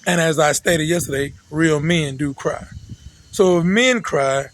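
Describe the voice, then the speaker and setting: Emphatic preachy man, high-ish voice. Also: unhurried, low-quality recording. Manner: repetitive, emphatic, with frequent restarts. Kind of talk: preachy direct-address monologue.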